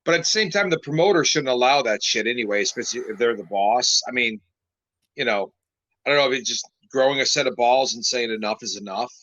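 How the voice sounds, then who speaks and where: A man's voice: mid-range voice, animated, a little fast, a bit bright, no echo. A man from Western New York hosting a casual talk show, giving opinions with lots of "you know". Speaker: host. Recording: slightly dull, dry lo-fi recording.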